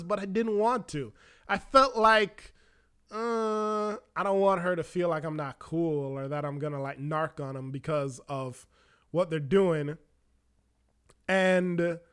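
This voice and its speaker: High, bright-voiced man telling a wild story. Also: smooth. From Florida. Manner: animated, profane, acts out quoted voices. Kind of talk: casual personal storytelling.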